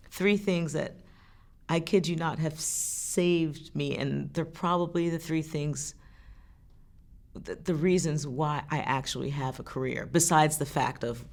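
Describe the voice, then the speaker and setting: A woman's voice: sits low, creaky. A woman singer from France speaking in a candid interview, telling stories in an earnest, heartfelt way with frequent restarts. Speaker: singer and songwriter.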